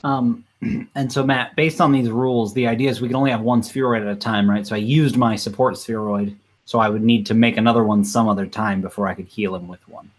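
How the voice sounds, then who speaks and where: A man's voice: on the low side, fairly even intonation, brisk. A man asking about the game rules. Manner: questioning, apologetic. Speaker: player. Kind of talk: casual chat at a game table.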